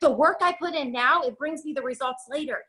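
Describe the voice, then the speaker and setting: A woman's voice: high-pitched, pushed and bright. A young woman leading a network marketing team, giving an emphatic, breathless motivational talk on a video call. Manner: fast, emphatic, preachy pep talk.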